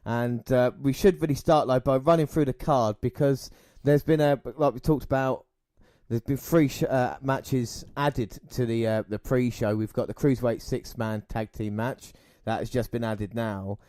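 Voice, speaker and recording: A man's voice: medium pitch, steady tone, normal speed, dark tone, no echo, clean studio sound. A man hosting a podcast, upbeat and steering the conversation. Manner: upbeat, runs the show. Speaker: podcast host. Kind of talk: casual chat.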